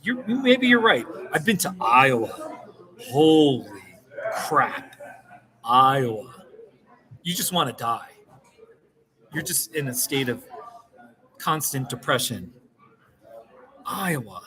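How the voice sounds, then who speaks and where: A man's voice: high-pitched, lively intonation, takes it slowly, pauses often, a crowd in the background, rough recording. A man talking to the camera in a casual vlog, rambling and self-mocking and laughing often, outdoors in a small mountain town. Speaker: vlogger.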